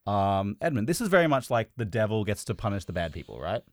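A man's voice: on the low side, big pitch swings, fast talker, no echo, clean studio sound. Rambling, casual male podcast host. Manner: rambling, with many "um"s and restarts. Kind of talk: casual chat.

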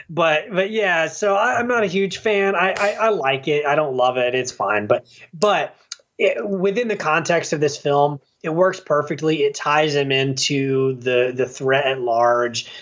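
Animated man chatting about a movie. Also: fairly high pitch, dull audio. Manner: animated, acts out scenes with quick voice changes. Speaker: podcast co-host. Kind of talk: casual movie review chat.

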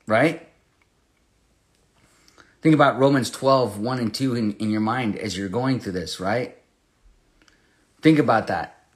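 A man teaching verse by verse through a Bible passage, impassioned and conversational, rising to loud emphasis and dropping to hushed storytelling. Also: medium pitch, takes it slowly, long pauses.

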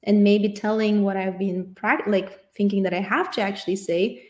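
A woman's voice: medium pitch, moderate pace, darkish tone. A woman speaking in an earnest, reflective personal monologue, thinking aloud as she goes. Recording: echoey room.

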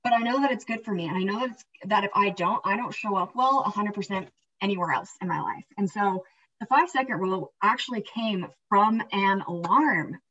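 A woman co-hosting a podcast gives an upbeat, rambling pep talk, checking in with "right?" as she goes. Her voice sits at an ordinary pitch for a woman. The sound is a little far from the mic and somewhat dull and lo-fi. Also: brisk, breathy edge. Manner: energetic, rambling, peppered with "right?" and "like". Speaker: podcast co-host. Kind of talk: casual motivational chat. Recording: slightly distant, dull lo-fi sound.

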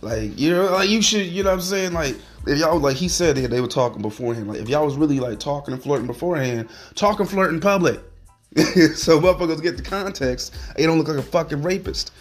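A man's voice: a little high, quick pace, soft background music. A man hosting a solo podcast, ranting in a heated, profane, rambling way. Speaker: podcast host.

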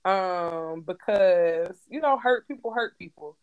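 A woman co-hosting a casual podcast chat, thoughtful and animated, often laughing. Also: lowish voice, takes it slowly, dull audio. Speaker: podcast co-host.

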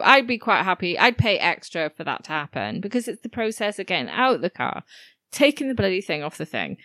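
A woman's voice: fairly low pitch, fairly bright tone, no echo, studio quality. A woman, co-hosting a podcast in a casual, chatty way and laughing often. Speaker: podcast co-host. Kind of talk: casual chat.

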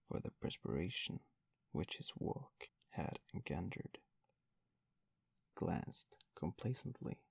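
A man narrating a classic novel aloud, in a measured, wryly ironic storytelling manner. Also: deep voice, creaky, a little mellow, husky, dry recording.

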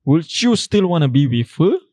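A man's voice: on the high side, very animated, moderate pace, mellow, no room sound, studio quality. A man, co-hosting a podcast and laying out a question in casual chat. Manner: thoughtful, explaining. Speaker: podcast co-host.

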